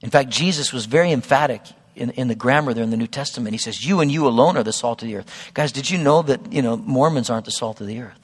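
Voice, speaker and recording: A man's voice: medium pitch, fast talker, few pauses, breathy edge, big-room sound. A man preaching a sermon as pastor, emphatic and conversational, often calling the congregation guys. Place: church sanctuary.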